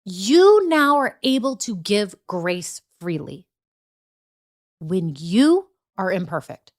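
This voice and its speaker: Middle-aged lady podcast host, chatty and earnest, hammers her points home, mid-pitched voice. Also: slow. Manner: chatty, earnest, animated storytelling with repeated emphatic phrases. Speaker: podcast host, business coach. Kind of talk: casual motivational podcast talk.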